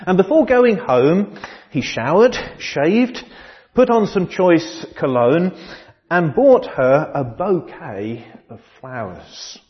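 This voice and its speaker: Measured man preaching a sermon. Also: a little high, big pitch swings, long reverb tail, muffled recording. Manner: measured, with frequent restarts and dry humor. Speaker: pastor.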